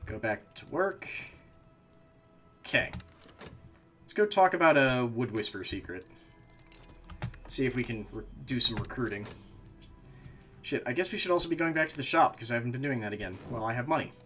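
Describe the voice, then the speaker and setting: A man's voice: mid-range voice, animated, normal speed, pauses often, a bit bright, soft background music. A man streaming a game, talking to himself as he plays and breaking into frustrated, swearing outbursts. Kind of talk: casual gameplay commentary.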